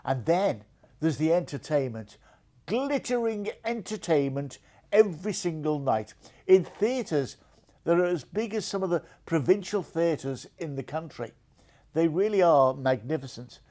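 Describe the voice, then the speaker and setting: A man's voice: on the high side, animated, unhurried, warm tone. A man hosting a TV cruise deals show, talking in an enthusiastic, salesy, chatty way full of "you know" fillers.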